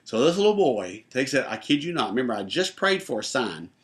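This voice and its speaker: A man, a pastor, telling a personal testimony in an animated way and acting out the voices in his story. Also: mid-range voice, a little fast.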